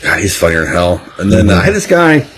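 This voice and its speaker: A man, a comedy venue owner telling animated stories in casual podcast chat and swearing freely. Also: deep voice, fast talker, slight background noise.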